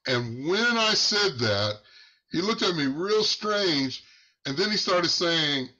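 A man telling a church testimony in a halting, unhurried way, pausing and restarting, his voice climbing as the story excites him. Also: fairly high pitch. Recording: muffled lo-fi recording.

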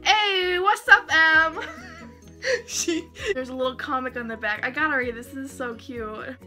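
Excitable woman vlogger, high-pitched and bright, gushing casual chat. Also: normal speed, faint music behind. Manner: excitable and gushing, laughing often. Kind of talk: casual unboxing vlog.

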